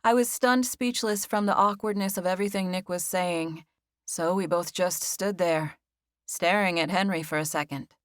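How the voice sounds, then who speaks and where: Low-voiced woman narrating an audiobook. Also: fairly even intonation, normal speed, no room sound, clean studio sound. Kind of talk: first-person audiobook narration.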